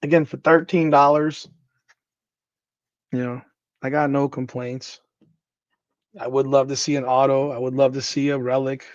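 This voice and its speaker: A man of middle pitch talks in a casual, offhand way, listing names in quick runs while opening cards. The sound is dry and slightly dull, with no room echo. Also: flat delivery. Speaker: card-breaking host. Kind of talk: casual card-opening commentary.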